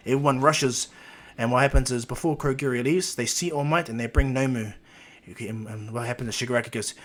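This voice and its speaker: A man's voice: medium pitch, fast talker. A man casually narrating a fan story, rambling along with restarts and fillers.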